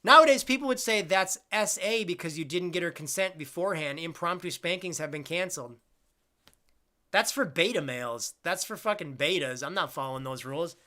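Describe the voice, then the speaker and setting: Bright-voiced man rambling on a stream. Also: on the high side, expressive, brisk. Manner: rambling, crude, jokey. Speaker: live-stream host. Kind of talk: casual live-stream chat.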